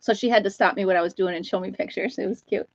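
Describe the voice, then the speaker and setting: A chatty woman hosting a casual live stream, rambling through her stories and pausing to greet viewers by name. Her voice is close and dry with no room around it, and the sound is a little dull and lo-fi. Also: mid-range voice, no room sound. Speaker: host of a live chat stream.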